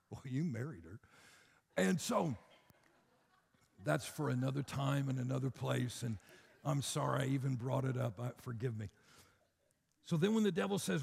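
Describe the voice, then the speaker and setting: A man's voice: mid-range voice, expressive, moderate pace, vocal fry, a little mellow, husky. A man preaching a sermon, emphatic and rhythmic, building through repeated phrases to bold declarations. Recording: long hall reverb.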